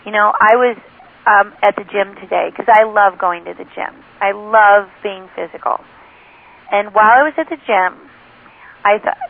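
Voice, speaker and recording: A woman author and spiritual teacher giving an interview, telling stories with enthusiasm and often quoting other people. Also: medium pitch. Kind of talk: phone interview, teaching talk. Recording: tinny phone line.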